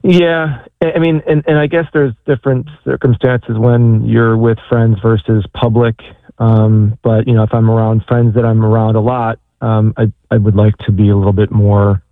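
A man's voice: on the low side, level tone, no room sound. Hesitant man on a tinny phone line. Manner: hesitant, full of pauses and restarts. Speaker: caller. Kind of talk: phone-in conversation.

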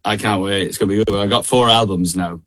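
Low-ish irish guy, laid back chatty guest, lots of ums and laughs, on a call line. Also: quick pace. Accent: Irish, middle of Ireland. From Ireland. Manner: relaxed, laughs often, many fillers and restarts. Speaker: guest singer. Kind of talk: casual radio interview chat.

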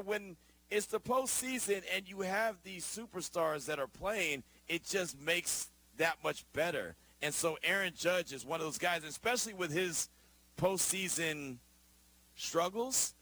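A man's voice: high voice, lively intonation, unhurried, pushed and bright. A man hosting a sports talk radio show, talking emphatically and conversationally, often tossing in rhetorical questions.

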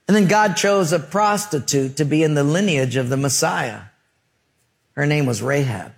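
Animated preacher man with a high voice. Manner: humorous, acts out voices, drops low for emphasis. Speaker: pastor. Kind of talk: sermon.

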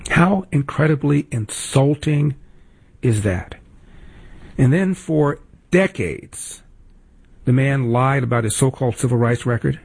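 Male talk host, gravelly, husky, indignant, sarcastic commentary, emphatic repetition. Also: medium pitch, a little slow, long pauses, a little mellow, no room sound. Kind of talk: political commentary and ad read.

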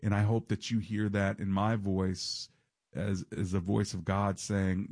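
A man's voice: on the low side, little pitch movement, unhurried, a little mellow, dry recording. A man hosting a Christian radio talk show, speaking earnestly in a preacherly way and reading scripture in a studio. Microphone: studio microphone.

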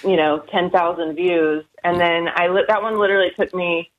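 A woman's voice: lowish voice, little pitch movement, moderate pace, lo-fi sound, a little hiss or hum. An American woman guest on a radio show, talking hesitantly with many fillers and giggles. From United States. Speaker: guest caller. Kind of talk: casual radio interview.

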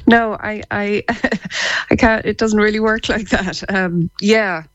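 A woman, talking as a guest therapist on a radio show, chatty and quick to laugh, often restarting her words. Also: medium pitch, steady tone, no room sound, highs cut off. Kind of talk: radio interview chat.

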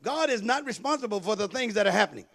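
A male pastor preaching a sermon with call-and-response, building into shouted, half-sung cadences. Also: sits high, lively intonation, fast talker, vocal fry.

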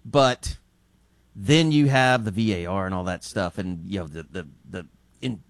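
A man from Scotland muses his way through a point in casual studio talk, filling pauses as he thinks. The sound is dry and close. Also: sits low, no room sound. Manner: rambling, thinking aloud with fillers.

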